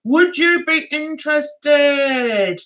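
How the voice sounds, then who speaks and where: A woman's voice: high voice, expressive, drawn-out words, fairly bright tone. A British woman hosting a casual livestream chat, giggly and flustered as she talks to her viewers. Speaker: livestream host.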